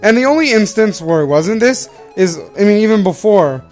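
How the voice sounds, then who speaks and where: Expressive and a little mellow, a young man from Canada talks at normal speed in a high voice while hosting a game playthrough. Soft music plays as he rambles casually and corrects himself.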